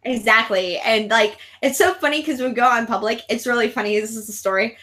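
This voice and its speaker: A woman hosting a live casual chat, telling rambling, excitable stories. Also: a little high, a little fast. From raised abroad in military families. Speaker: host of a live horror chat show.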